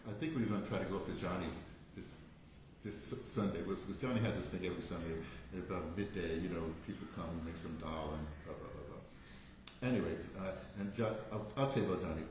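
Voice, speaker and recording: An older American vlogger with a low voice talks fast over a noisy background in a very echoey room. He rambles casually, digressing, laughing often and restarting plenty.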